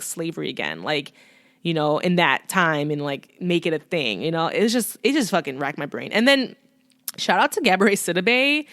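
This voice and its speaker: A woman's voice: on the low side, no room sound, clean studio sound. A young woman hosting a podcast, telling a story in casual chat, cursing often and laughing freely. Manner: profane, animated storytelling with frequent laughter. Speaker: podcast host.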